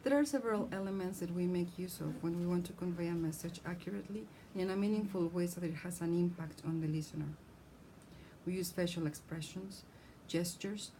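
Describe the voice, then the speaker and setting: A woman teaching a scripted lesson on intonation, explaining clearly and speaking example sentences aloud. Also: on the low side, warm tone, a little hiss or hum, rough recording.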